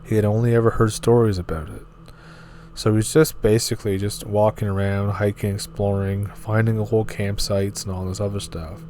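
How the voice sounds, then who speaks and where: A man with a fairly low voice retells eerie stories from an online forum in a relaxed, offhand way, dropping his own asides between the lines. A faint hiss sits under the recording. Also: moderate pace. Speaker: storyteller reading forum stories. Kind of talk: reading scary stories aloud.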